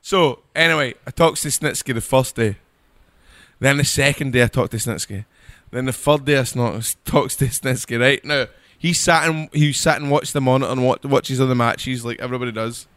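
Rambling tipsy man, bright voice. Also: medium pitch, moderate pace, no echo. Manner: rambling animated storyteller, swears freely. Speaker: podcast co-host. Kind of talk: casual drunken banter.

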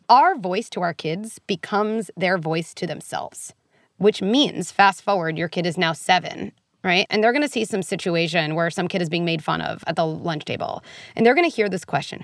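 A woman speaking as a guest on a podcast, talking quickly and with feeling about raising children. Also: mid-range voice, lively intonation, no echo, clean studio sound. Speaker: guest expert on parenting. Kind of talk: podcast conversation.

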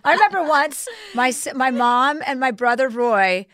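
A woman's voice: sits high, lively intonation, moderate pace, very noisy. A woman comedian, telling profane stories in a casual studio chat and acting out voices. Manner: profane, storytelling, acts out voices. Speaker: comedian guest.

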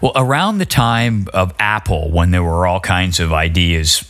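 A man's voice: low-pitched, a little slow, a bit bright. A man hosting a podcast, chatting casually about music and laughing easily as he tells anecdotes. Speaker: podcast host.

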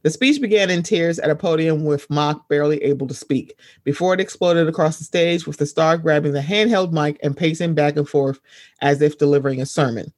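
A man's voice: a little high, brisk, darkish tone, no echo, clean studio sound. A man reading an article aloud and breaking off to add his own emphatic commentary.

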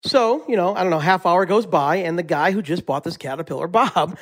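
Chef guest, male, loose chatty delivery, fillers and chuckles, a bit high-pitched. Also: a little fast, fairly bright tone. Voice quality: laughs often, rambling with repeated fillers. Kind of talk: casual interview answers and joke telling.

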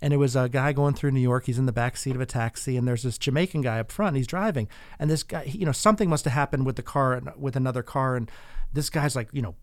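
A man's voice: mid-range voice, quick pace, dry recording, clean studio sound. A man in casual conversation, earnestly telling stories with frequent restarts. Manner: earnest, storytelling, many restarts.

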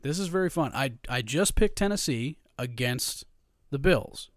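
A man's voice: medium pitch, animated, a little slow, dry recording, clean studio sound. Ranting, profane man talking football. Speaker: podcast co-host. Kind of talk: casual sports chat.

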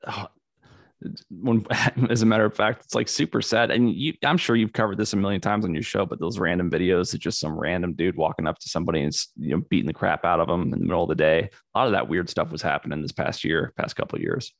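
A man's voice: low-pitched, quick pace, creaky, dry recording, clean studio sound. A man guesting on a podcast, chatting casually in a laid-back, crude way. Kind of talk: casual chat.

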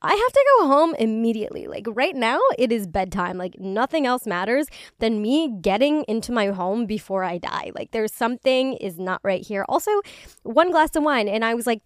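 A woman's voice: medium pitch, clear, resonant tone, no room sound, studio quality. A woman hosting a casual solo podcast, chatty and swearing freely, with lots of "like". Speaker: podcast host.

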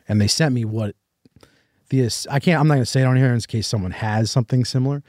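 A man's voice: medium pitch, fast, darkish tone, no echo, studio quality. A man hosting a podcast, telling a long personal story in a rambling way, full of "like" and restarts, acting out what others told him. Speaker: podcast host. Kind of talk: casual storytelling chat.

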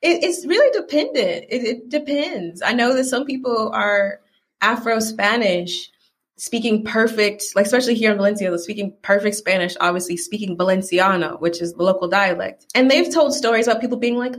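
Slightly high and slightly fast, the voice belongs to a woman from the American South with a Southern accent. She's a guest on a podcast, making casual conversation and playing the characters in her stories.

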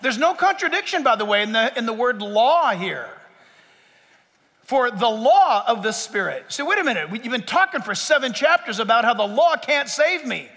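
A man preaching a sermon as pastor, emphatic and joking, jumping from loud punchlines to quiet asides. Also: big pitch swings, in a large hall. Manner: emphatic, rising to shouts and dropping low for asides; joking, with quick laughs.

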